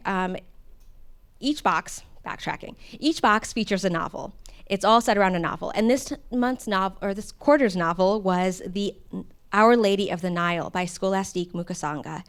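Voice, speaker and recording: Smooth-voiced woman hosting a live event. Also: medium pitch, normal speed. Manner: explanatory, conversational, with fillers. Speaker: event host. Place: intimate studio stage.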